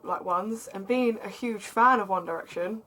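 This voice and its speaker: A woman's voice: mid-range voice, normal speed, background noise. A woman with an Essex accent reading fan fiction aloud in a casual vlog, with chatty, sarcastic asides.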